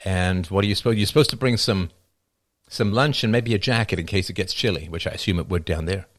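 Man, lowish pitch, wry and rambling, casual livestream chat, middle-aged. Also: quick pace, no room sound, clean studio sound. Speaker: livestream host taking questions.

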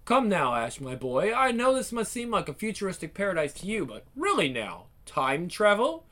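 A man's voice: sits high, huge pitch swings, normal speed, a bit bright, full character voice. A man voicing a pompous, condescending older male scientist in a one-man game fan dub.

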